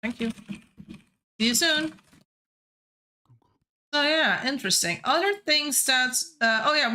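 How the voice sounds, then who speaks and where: A woman's voice: high-pitched, slow, pauses often, pushed and bright. A woman giving live game stream commentary, chatty and playful as she thinks aloud.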